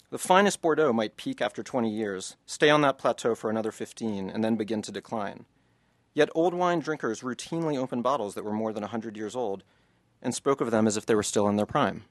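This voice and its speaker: A man's voice: fairly low pitch, dry recording. A man, an author, reading passages from his book to an audience and then answering questions in a loose, chatty way.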